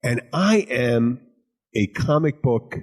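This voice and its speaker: Casual podcast host from Philadelphia, talks loose and profane, mid-pitched voice. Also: male voice, takes it slowly. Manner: swears freely, animated storytelling. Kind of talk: casual chat.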